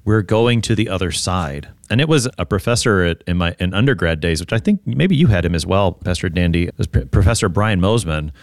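A man, a pastor, talking through a Gospel passage in a thoughtful, halting way with frequent restarts. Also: deep voice, lively intonation, no echo, clean studio sound. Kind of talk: conversational Bible discussion.

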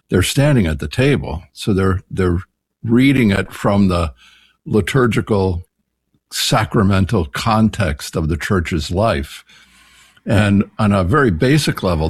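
A man's voice: low voice, darkish tone, slightly rough, no echo, studio quality. A man, a professor as guest on an interview show, explaining at length in a thoughtful, lecturing way with frequent restarts. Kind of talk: interview answers.

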